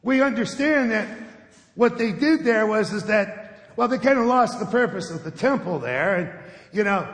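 Gravelly high-voiced male pastor preaching. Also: a bit bright. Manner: conversational storytelling, often checks in with "okay?". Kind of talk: sermon. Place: church sanctuary. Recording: echoey sanctuary with long reverb.

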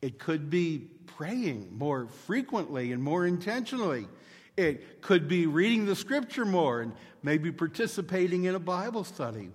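Slow-speaking male pastor in an echoey church. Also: on the high side, very animated, breathy edge. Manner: measured, storytelling delivery. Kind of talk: sermon.

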